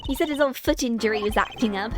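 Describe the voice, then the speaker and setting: A woman's voice: a little high, quick pace, close to an everyday voice. A woman voicing a playful, teasing teenage girl magician, over game music. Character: cheeky teenage girl stage magician, bubbly.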